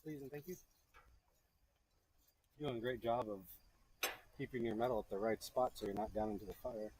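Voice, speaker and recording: A man's voice: on the low side, fairly quick, darkish tone, a little hiss or hum, rough recording. A man teaching a beginner to forge in a blacksmith shop, chatty, joking and encouraging as he works. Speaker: blacksmithing instructor. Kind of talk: hands-on teaching while forging.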